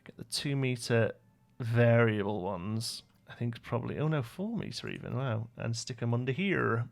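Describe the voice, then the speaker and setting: A young British man talks casually through a game livestream, rambling and muttering as he works and answering viewers' questions. His mid-pitched voice has a gravelly, creaky edge. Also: normal speed, few pauses. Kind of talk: casual live-stream chat while building.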